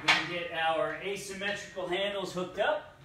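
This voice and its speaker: A man, a fitness coach, demonstrating exercises and cueing each move with slow, deliberate instructions. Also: sits high, steady tone, heavy background noise. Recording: echoey room, distant mic.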